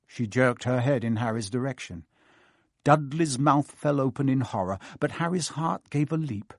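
A man reading an audiobook with lively, expressive narration. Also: on the high side, normal speed, no echo, clean studio sound.

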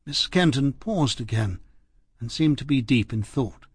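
Male narrator, formal measured reading, husky voice, dry close sound, mid pitch. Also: expressive, dry recording. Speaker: audiobook narrator. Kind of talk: scripted first-person narration.

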